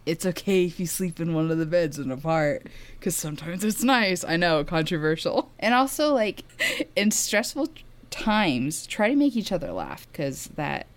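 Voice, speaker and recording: A woman's voice: on the low side, very animated, moderate pace. A young woman telling a travel story in casual chat, laughing often and filling her talk with "like". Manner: chatty, laughs often, many "like" fillers. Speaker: guest sharing a travel story.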